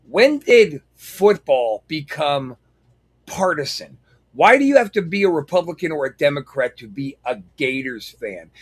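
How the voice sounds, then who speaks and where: A man co-hosting a casual podcast chat, telling stories with animated energy and free swearing. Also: on the high side, moderate pace. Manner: animated storyteller, swears freely. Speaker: podcast co-host.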